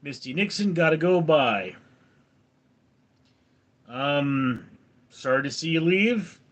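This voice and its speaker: On a casual livestream, a man in his forties from California reads viewer comments aloud and answers dryly. He talks at a slow pace, his voice on the high side, animated and a bit bright.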